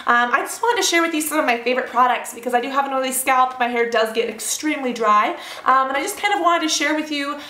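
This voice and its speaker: A woman's voice: high-pitched, quick pace, hardly any pauses, pushed and bright, slight background noise. A young woman in her twenties chatting casually through her hair products in a bubbly, rambling vlog style. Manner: chatty, bubbly, lots of fillers and asides. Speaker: beauty vlogger. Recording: roomy echoey home room.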